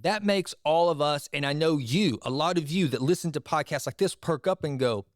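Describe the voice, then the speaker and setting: Podcast host, middle-aged man, conversational and digressive, fairly high voice, dry close sound. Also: lively intonation, moderate pace, few pauses, no room sound. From Texas. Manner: conversational, digressive, chatty asides. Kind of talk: casual monologue reading and commenting on an article.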